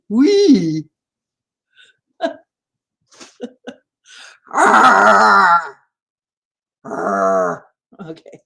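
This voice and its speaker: A woman's voice: mid-range voice, a little mellow. A woman hosting a livestream, chatting casually with viewers, laughing often and greeting them by name. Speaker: livestream host. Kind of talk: casual chat with live viewers.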